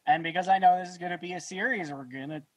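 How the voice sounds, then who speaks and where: A man hosting a podcast, relaxed and casual, chuckling between phrases. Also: high voice, quick pace, rough recording. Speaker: podcast host. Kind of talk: casual interview chat.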